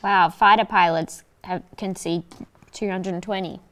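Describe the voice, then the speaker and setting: Smooth-voiced teasing woman guest. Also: on the low side, fairly even intonation, unhurried. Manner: dry, teasing banter. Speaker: podcast guest. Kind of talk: casual comedy podcast chat.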